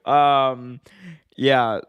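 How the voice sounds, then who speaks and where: Male co-host, mid-pitched, dry close sound, rambling and laughing, casual stream chat. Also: steady tone, drawn-out words, clear, resonant tone, dry recording, lo-fi sound. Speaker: podcast co-host.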